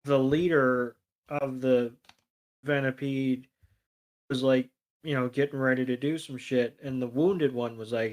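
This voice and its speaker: A man's voice: medium pitch, steady tone, a little slow. A man co-hosting a podcast, retelling a cartoon episode with sarcasm and heavy swearing. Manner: profane, sarcastic retelling with mock voices. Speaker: podcast co-host. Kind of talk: casual episode recap.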